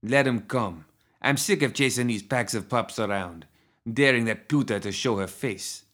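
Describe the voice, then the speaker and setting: A man's voice: mid-range voice, moderate pace, a bit bright, natural voice. A man voicing a cruel, sneering male gunslinger outlaw with a menacing drawl. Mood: surly.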